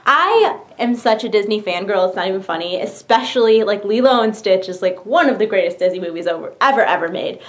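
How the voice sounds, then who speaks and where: A woman's voice: medium pitch, animated, a little fast, hardly any pauses. A young woman vlogging at home, gushing about a new phone case in a bubbly, chatty way full of "like". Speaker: YouTuber. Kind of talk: casual product show-and-tell.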